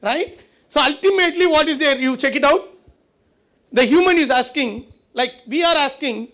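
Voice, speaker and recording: A man's voice: very high voice, normal speed, fairly bright tone. A man giving a conversational lecture at a conference, often asking the audience rhetorical questions. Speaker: conference speaker. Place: conference hall.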